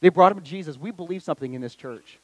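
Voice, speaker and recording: High-pitched guy pastor preaching hard, loud then soft and tender, super dry close sound. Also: fast talker, no room sound, poor audio. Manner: energetic, swings from loud exhortation to hushed intimacy. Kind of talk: sermon. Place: church sanctuary.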